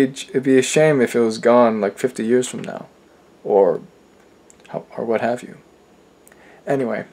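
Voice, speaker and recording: A young man hosting a casual personal vlog, talking in a soft, earnest and halting way. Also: mid-range voice. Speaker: channel host.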